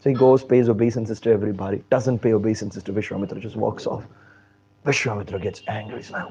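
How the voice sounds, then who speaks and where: A man teaching a live scripture class, telling a story and acting out its characters with lively voices. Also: medium pitch, fast talker, breathy edge, poor audio. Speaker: preacher.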